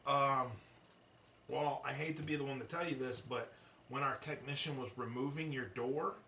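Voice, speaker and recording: A man's voice: medium pitch, fairly even intonation, moderate pace, pushed and bright, slight background noise. Profane storytelling man in an echoey room. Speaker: podcast host. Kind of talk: casual chat. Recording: echoey room, distant mic.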